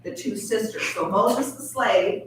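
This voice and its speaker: Brief: woman presenter, family reunion talk, heard from afar in a loud echoey hall. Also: medium pitch, a little slow. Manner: chatty, asks the room questions. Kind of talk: casual family history talk. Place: large room at a family reunion. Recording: echoey hall from far off with noise.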